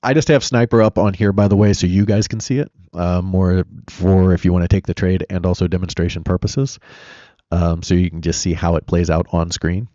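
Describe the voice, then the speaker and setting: Low-voiced man hosting a trading stream. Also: steady tone, brisk, warm tone, no echo, muffled recording. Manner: chatty, rambling, answers chat questions; blunt and opinionated. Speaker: live-stream trading host. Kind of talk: casual live-stream commentary.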